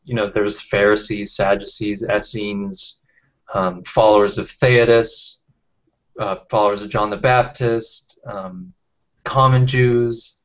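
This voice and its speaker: A man leading a casual online book discussion, talking haltingly with many fillers and restarts. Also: fairly low pitch. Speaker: discussion leader. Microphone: webcam or computer mic on a video call. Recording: lo-fi video call audio.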